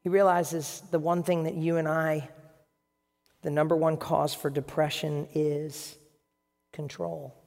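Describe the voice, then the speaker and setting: A man's voice: on the high side, flat delivery, measured pace, gravelly, a little mellow, in a large hall. A man preaching a sermon as pastor, telling stories in an earnest, emotional way.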